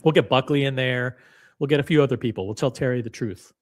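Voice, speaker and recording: A man hosts a relaxed conversation about watches. He talks in bursts, cutting in, restarting sentences and pushing ideas with lively energy. His pitch sits in the middle range for a man. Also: fast. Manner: animated, talks over his guest, fond of restarts. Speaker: watch channel host. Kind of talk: casual chat.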